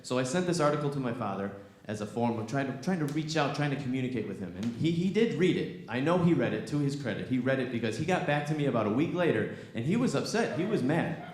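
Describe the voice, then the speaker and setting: A young man works a comedy crowd with animated, playful timing and chats with the audience between punchlines. His voice sits at an everyday middle pitch. The sound carries a heavy echo from the room. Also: quick pace, few pauses. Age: young adult. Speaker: stand-up comedian. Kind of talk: stand-up comedy set. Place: small comedy theatre. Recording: echoey venue.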